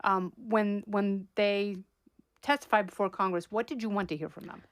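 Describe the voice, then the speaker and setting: A woman hosting a talk podcast, asking long questions in a measured, deliberate way. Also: mid-range voice, steady tone. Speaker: podcast host. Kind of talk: interview questions.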